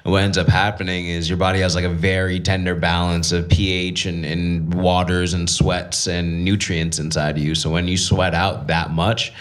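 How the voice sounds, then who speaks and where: A man with a very deep voice that barely rises or falls, co-hosting a sports chat. He explains at length, with many fillers along the way, in a steady, level tone. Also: moderate pace, hardly any pauses. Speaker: sports show co-host. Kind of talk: casual chat.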